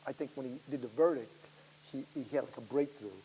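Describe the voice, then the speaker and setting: A man who is a guest actor, telling rambling, animated anecdotes at a public Q&A, laughing and swearing as he goes. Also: medium pitch, fast talker. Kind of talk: storytelling in a public Q&A. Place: school auditorium. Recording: echoey hall with faint hiss.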